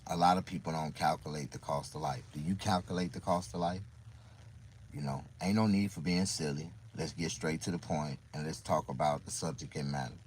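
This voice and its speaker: A man's voice: rumbling low, fairly even intonation, brisk, a little hiss or hum, poor audio. A man talking casually to viewers on a livestream, rambling and repeating himself in mock confusion.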